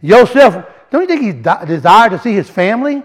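With a high-pitched voice and a brisk pace, a preacher teaches a sermon from word studies in a casual, animated manner. He frequently repeats and restarts phrases, builds rising emphasis, and uses colloquial grammar.

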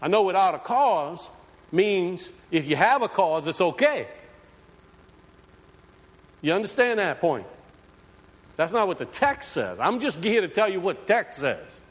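Man, preaching, rhetorical questions, high voice, swooping pitch, reverberant sanctuary. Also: sing-song, a little slow, pauses often, husky. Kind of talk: sermon. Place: church sanctuary. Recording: long hall reverb.

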